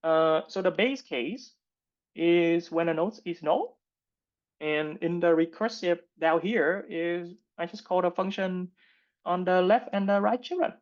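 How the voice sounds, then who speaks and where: An unsure interview candidate, put on by a man, whose every statement climbs upward and ends high, as though he doubts himself. The voice sits higher than usual, and the recording is dull and muffled. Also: very slow, hardly any pauses. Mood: uncertain, questioning. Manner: ends every sentence on a rising high note. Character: hesitant job candidate, adult male, unsure.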